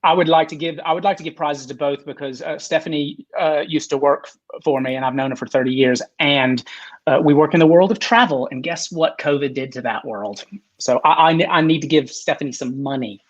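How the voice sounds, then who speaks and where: A man's voice: fairly high pitch, a little fast, dull audio. A man in his forties, a guest on a video-call chat, talking in a rambling, self-deprecating way with many restarts.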